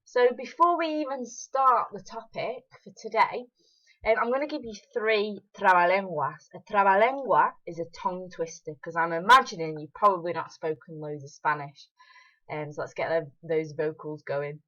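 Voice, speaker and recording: A woman teaches a recorded lesson in a cheerful, encouraging way and says phrases slowly before speeding them up. Her voice is bright and forceful, set a little low. The recording sounds dull and lo-fi. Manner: cheerful and encouraging, models Spanish tongue twisters slowly then quickly. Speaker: Spanish teacher. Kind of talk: recorded remote lesson for pupils.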